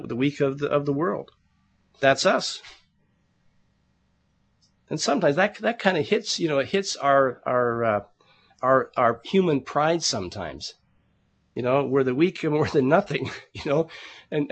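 A man's voice: on the high side, lively intonation, moderate pace. A male pastor delivering a sermon, with a voice sitting a little above the usual range for a man. He talks to the congregation in a plain, earnest, conversational way, calls them brethren, and often doubles back on a word before moving on. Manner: repeats words as he searches for them.

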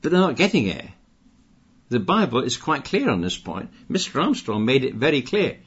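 An older man delivers a sermon at a middle pitch, his voice husky and a little rough. He hammers home each point, repeating phrases and pushing his volume up as he goes. The recording is dull and lo-fi. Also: big pitch swings, normal speed. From Britain. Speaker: preacher.

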